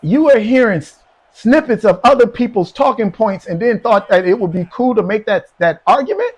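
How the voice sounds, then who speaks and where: A man's voice: high voice, sing-song, moderate pace, darkish tone, breathy edge. A man livestreaming a video game, talking casually with his chat in a teasing, rambling way, often chuckling and repeating "man" and "you know what I'm saying". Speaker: gaming live streamer. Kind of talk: casual live-stream banter with chat.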